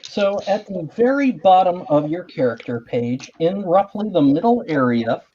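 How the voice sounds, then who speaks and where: A man's voice: sits high, big pitch swings, moderate pace, dark tone. A man running a tabletop game as game master, narrating with wry, playful humor in a dull lo-fi recording. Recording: dull lo-fi audio.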